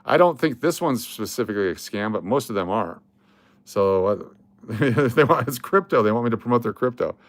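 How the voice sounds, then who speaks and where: A man's voice: lowish voice, expressive, moderate pace, no echo. Sarcastic man hosting a livestream. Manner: blunt, sarcastic, swears casually. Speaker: livestream host. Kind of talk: casual livestream chat.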